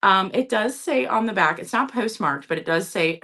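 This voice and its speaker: A woman's voice: medium pitch, expressive, moderate pace, bright, forceful tone. A woman hosting a live-stream vintage sale, chatty and casual, often checking in with her viewers.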